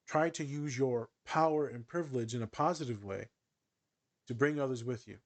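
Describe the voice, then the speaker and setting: A man co-hosting a podcast in casual chat, animated and joking with sarcastic asides. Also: mid-range voice, moderate pace. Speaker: podcast co-host.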